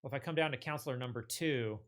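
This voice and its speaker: A man's voice: mid-range voice, fast talker, fairly bright tone. A man presenting a tech tutorial in a casual walkthrough style, with loose phrasing, many fillers and frequent self-corrections. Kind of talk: casual screen-share walkthrough.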